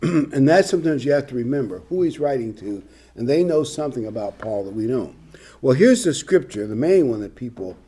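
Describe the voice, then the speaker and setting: A man's voice: mid-range voice, dark tone, breathy edge. An older man preaching a sermon, reading scripture and adding conversational, humorous asides. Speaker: pastor.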